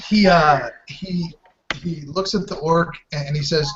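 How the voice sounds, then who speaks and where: A man narrating as dungeon master in a slow, halting way, over a muffled voice chat. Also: on the high side, a bit bright, slight background noise. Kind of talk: narrating a tabletop game.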